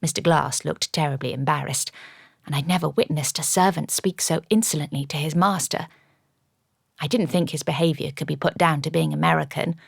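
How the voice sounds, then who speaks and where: A woman narrating a first-person audiobook in a measured, even storytelling manner. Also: low voice, vocal fry, slightly rough, no echo. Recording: dry studio audiobook.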